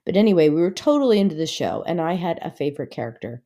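A middle-aged woman hosting a Christian podcast, telling a story in a chatty, rambling way that turns animated as she retells it. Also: fast. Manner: chatty storytelling, lots of "like" and "anyway"; grows animated and high-pitched when retelling. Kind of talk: devotional podcast talk.

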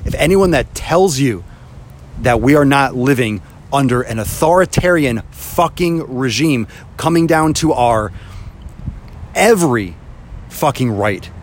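A man's voice: medium pitch, lively intonation, measured pace, slight background noise. Man in a profane, heated rant. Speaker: social media creator. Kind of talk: angry ranting vlog.

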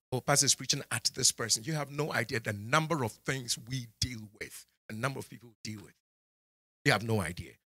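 Scolding preacher man, bright voice. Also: slightly rough. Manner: scolding, swings from low asides to high exclamations. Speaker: pastor. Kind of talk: sermon. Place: church.

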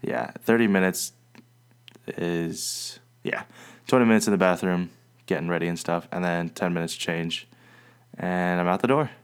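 Low-voiced young man chatting casually. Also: normal speed, clear, resonant tone. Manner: relaxed, loose talk with fillers. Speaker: podcast co-host. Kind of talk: casual chat. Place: home, downstairs.

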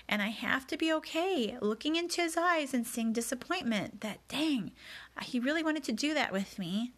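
A woman's voice: high-pitched, animated, moderate pace. A woman telling a personal story in a candid, confessional, reflective way as a podcast host.

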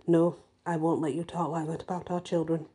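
A woman voicing a frightened young mother in a spoken story, pleading anxiously in a husky voice. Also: sits low, level tone, fairly quick, mellow.

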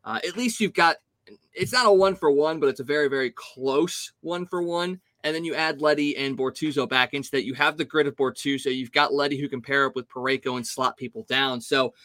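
A man co-hosting a sports podcast, giving animated, opinionated hockey analysis in casual talk. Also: on the high side, a little fast, dry recording. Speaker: podcast co-host.

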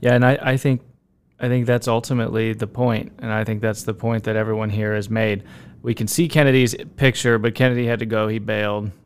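A man hosts a livestream panel and sums up what his guests have said, adding wry asides. His voice is gravelly but smooth and resonant. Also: on the low side, little pitch movement, fairly quick. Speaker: host. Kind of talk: casual discussion on a livestream panel.

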